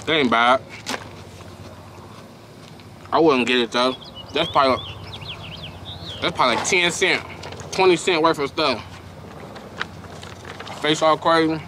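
A man's voice: on the high side, moderate pace, pauses often, noisy background. A young man doing a casual snack unboxing review, slangy and emphatic, often repeating himself.

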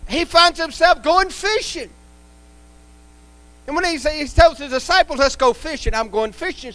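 A male pastor delivers a live sermon in a church sanctuary, hammering points home through repetition. His voice sits very high and sounds bright and forceful. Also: low-quality recording. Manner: emphatic, repetitive preaching.

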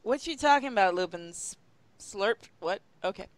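A woman's voice: mid-range voice, lively intonation, normal speed, a little hiss or hum. A woman reading a terrible story aloud with friends, exasperated, laughing and swearing as she goes. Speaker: reader in a group reading. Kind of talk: casual comic reading with friends.

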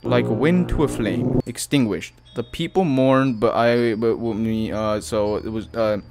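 Over music, a YouTuber with a mid-range voice speaks a little slowly while playing a horror game. He comes across jumpy and frightened, with gasps, swearing and anxious laughter.

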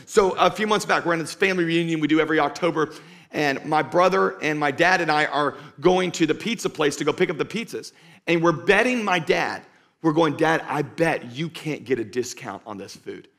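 A man's voice: fairly high pitch, lively intonation. Emphatic preaching pastor, a man. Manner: emphatic, repeats key lines for stress; shifts between loud urging and slow quiet emphasis. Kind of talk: sermon. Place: church stage before a live congregation.

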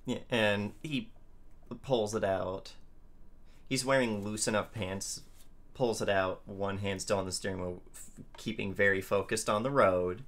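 Low-voiced man playing a tabletop game. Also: fairly even intonation, a little slow, a bit bright. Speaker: player. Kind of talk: describing his character's actions.

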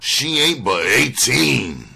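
Man playing a lisping gossipy barkeep, hushed, raised pitch. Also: very animated, slow, creaky, breathy edge, exaggerated voice. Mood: catty. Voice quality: lisp. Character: lisping, catty male bartender.

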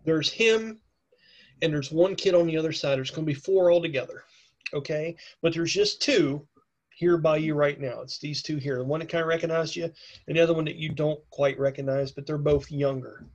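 A man's voice: on the high side, moderate pace, muffled recording. A man with a cold narrating a tabletop game as game master in a chatty way. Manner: chatty, with many fillers and okays. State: has a cold.

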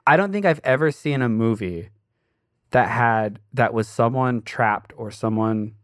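A man's voice: medium pitch, measured pace, no echo, studio quality. A man co-hosting a podcast, teasing his co-hosts and acting out what he would have said. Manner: animated, teasing, acts out lines. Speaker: podcast co-host. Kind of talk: casual film review chat.

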